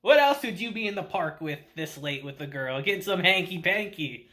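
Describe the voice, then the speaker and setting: A man's voice: high-pitched, animated, moderate pace, sharp tone. A man doing a cocky, teasing vampire girl. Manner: smug, teasing.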